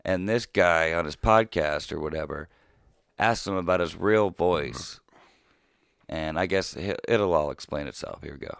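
A man co-hosting a podcast in loose, rambling chat, dropping swear words as he goes. His voice sits low. The sound is dry and close. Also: measured pace, creaky, a bit bright, no room sound. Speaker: podcast co-host. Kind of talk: casual chat.

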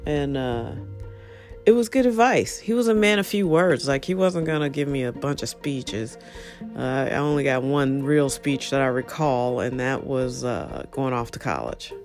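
A woman's voice: extremely low pitch, normal speed, darkish tone, soft background music. Frank, chatty woman podcasting from her phone. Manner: frank, rambling, chatty with self-deprecating laughs. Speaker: podcast host. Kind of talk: casual solo podcast monologue.

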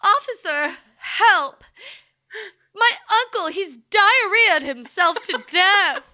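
A woman hamming up a frantic, crying woman pleading with a police officer for help, in a shrill, overdone voice. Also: lively intonation, slow, bright, forceful tone, exaggerated voice. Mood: panicked.

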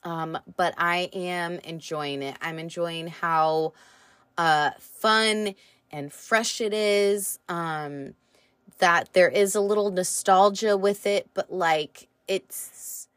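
A woman hosting a solo podcast review, rambling and excitable, swearing casually and laughing often, with lots of fillers. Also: lowish voice, no room sound. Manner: slow, drawn-out delivery with many fillers. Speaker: podcast host.

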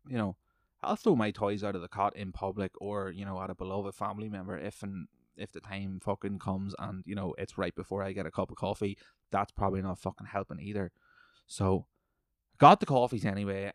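A podcast host with a lowish voice speaks at normal speed, telling a heated story packed with profanity in a ranting monologue. The sound is clean studio audio with no echo.

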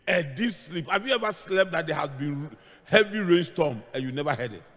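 A middle-aged male pastor preaching a sermon, moving between hushed asides and shouted points as he tells stories. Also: on the high side, animated, normal speed. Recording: long hall reverb.

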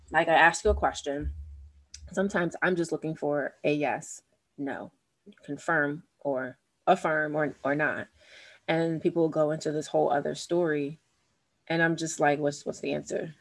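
A woman with a very low voice talks in relaxed podcast chat. She muses aloud, wanders through her point and questions herself as she goes. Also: moderate pace, creaky, long pauses. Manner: thoughtful, rambling, self-questioning. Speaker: podcast co-host. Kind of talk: casual chat.

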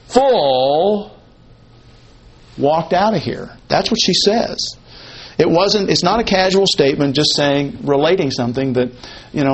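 A man teaching a Bible passage in a conversational way, slowing down to quote and stress words of the text. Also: on the high side. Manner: conversational, explains Hebrew word order, quotes text slowly with emphasis.

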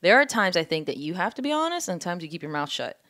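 A woman's voice: fairly low pitch, fast. A woman co-hosting a podcast, telling a personal story in a candid casual chat, full of fillers and acted-out quotes. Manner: animated storytelling with many fillers and quoted dialogue. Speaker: podcast co-host. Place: living in New York.

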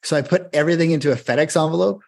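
A man's voice: fairly high pitch, very fast, creaky. A man, a choreographer guest, telling a long rambling anecdote in casual chat. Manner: rambling, animated anecdote with restarts. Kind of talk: casual storytelling.

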